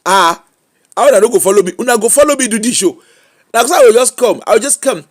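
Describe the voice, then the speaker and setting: A man with a Nigerian accent giving an animated, mocking live-stream rant in Pidgin English. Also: extremely high pitch, fast. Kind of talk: ranting live-stream monologue.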